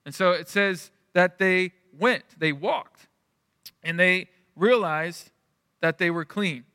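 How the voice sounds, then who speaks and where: Man, pastor, sermon, conversational storytelling, smooth resonant voice, long reverb of a large hall. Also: sits high, slow pace, bright, forceful tone, clean studio sound. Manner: conversational storytelling with frequent restarts.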